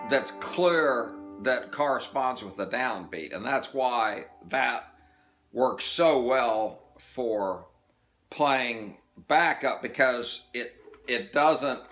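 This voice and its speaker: A man teaching banjo in a slow, halting, casual way, pausing to count out roll patterns. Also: mid-range voice, fairly bright tone, soft background music. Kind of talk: casual instructional talk. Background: banjo playing.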